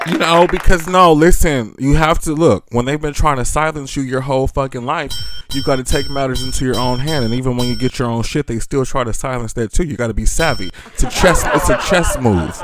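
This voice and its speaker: A man's voice: mid-range voice, a little fast, over loud music, a loud crowd. Profane, laughing male radio host. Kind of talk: casual monologue.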